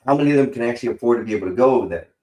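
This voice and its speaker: Talking rapid-fire in a mellow, medium-pitched voice, a man hosting a live stream chats casually. He rambles, uses slang, curses freely and keeps calling people bro, and the audio is poor with a roomy sound.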